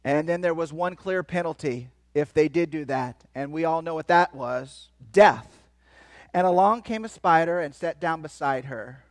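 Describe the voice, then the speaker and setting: A man giving a lively, playful sermon as a guest speaker, joking with the crowd and swinging between loud and soft. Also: fairly high pitch, moderate pace, hardly any pauses, no echo. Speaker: guest speaker at a church kids' event. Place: church hall.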